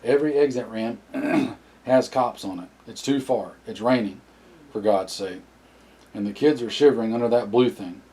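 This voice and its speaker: A man's voice: mid-range voice, moderate pace, dark tone, lightly acted. A man voicing a whiny, miserable mother. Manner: complaining, self-pitying. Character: miserable, whining mother on the run.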